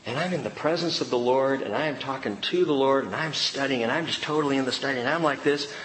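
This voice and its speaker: A middle-aged man preaching a sermon, swinging between loud bursts and hushed lines. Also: mid-range voice, quick pace. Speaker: pastor. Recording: reverberant hall with faint room noise.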